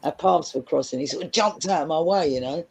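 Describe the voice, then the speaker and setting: A woman's voice: deep voice, fairly quick, creaky, darkish tone, breathy edge. A woman from London with a Cockney accent, chatting casually and telling frank stories with frequent laughs. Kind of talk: casual group chat.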